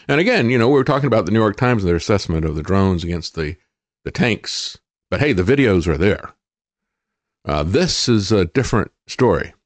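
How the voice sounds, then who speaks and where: A man's voice: lowish voice, no room sound. A man hosting a political commentary show, talking in a sarcastic, emphatic way and often mocking what he reports. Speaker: host.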